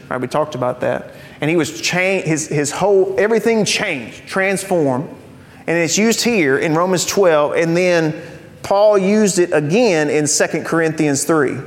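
A man with a high voice preaches a sermon, teaching in a conversational way with the odd joking aside. He slows right down to lean on the key phrases. His voice rings out with a long reverb, as if in a large church sanctuary. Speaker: pastor.

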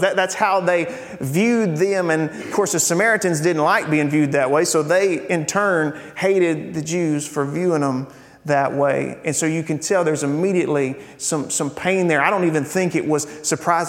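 A man's voice: a little high, unhurried, in a large hall. A man preaching a sermon in a conversational way, restarting and repeating words and asking "right?".

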